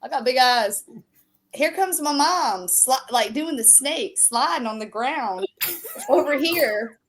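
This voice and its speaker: A woman with a high voice tells a story in casual chat. She talks at an unhurried pace. She is animated and leans on plenty of fillers. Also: noisy background. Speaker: show regular and storyteller.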